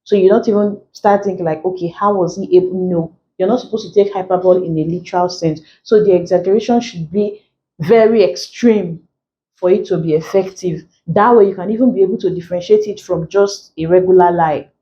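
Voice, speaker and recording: A woman teaching an exam-prep lesson in a lowish, mellow voice. She explains slowly, repeats key phrases and leans on "like" as she goes. The recording sounds dull and lo-fi. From Nigeria.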